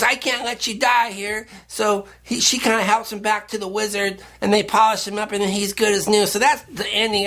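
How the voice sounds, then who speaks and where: Male public access host, high-ish voice, sharp and bright tone, loose rambling delivery. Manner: rambling, repeats and restarts words often. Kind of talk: casual rambling monologue to camera.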